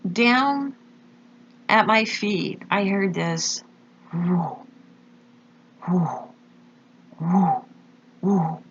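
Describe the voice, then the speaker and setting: A woman slowly recounting a personal experience, halting with fillers and pauses. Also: medium pitch, creaky, fairly bright tone, a little hiss or hum. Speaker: storyteller recounting a near-death experience. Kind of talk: slow personal testimony. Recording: dull lo-fi recording.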